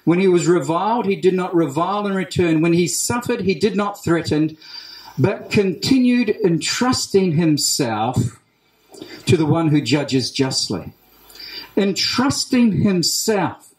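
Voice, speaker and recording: An Australian man preaching a sermon as pastor, emphatic, repeating key phrases with deliberate pauses. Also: sits high, lively intonation. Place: church hall. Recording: roomy church hall echo.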